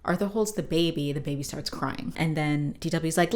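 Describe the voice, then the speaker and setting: Woman podcast host, lowish voice, loose chatty cartoon recap, swears a lot, does little silly voices. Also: fairly even intonation. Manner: irreverent, swears, acts out characters in quick put-on voices. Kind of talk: casual comedic recap of a cartoon episode.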